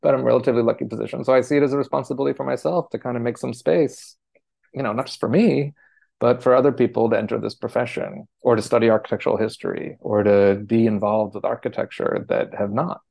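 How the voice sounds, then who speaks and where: A man being interviewed, answering in a thoughtful, hesitant way with many pauses, fillers and restarts. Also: medium pitch, steady tone, vocal fry, darkish tone, no room sound. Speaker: architecture scholar, interviewee.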